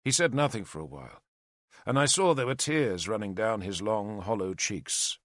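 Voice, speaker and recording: A man's voice: on the low side, lively intonation, moderate pace, a bit bright, no echo, clean studio sound. A man narrating a historical novel in the first person, in a lyrical, storytelling manner. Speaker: audiobook narrator.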